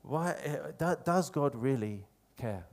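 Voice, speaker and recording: A man preaching a sermon in an earnest, conversational way, slowing down to stress key phrases. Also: mid-range voice, animated, creaky, darkish tone.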